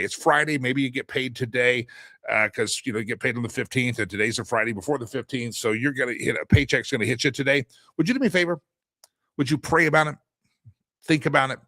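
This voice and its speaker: A man's voice: medium pitch, sharp tone, no room sound. A middle-aged male host making a rambling, earnest, folksy appeal for charity donations, with a preacher-like tone. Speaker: talk show host.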